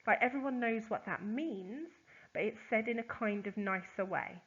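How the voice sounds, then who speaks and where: A woman, a teacher, explains poetry terms in a chatty recorded lesson, with lots of ums and quick examples. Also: fairly high pitch, a bit bright, husky, dull audio. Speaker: English teacher.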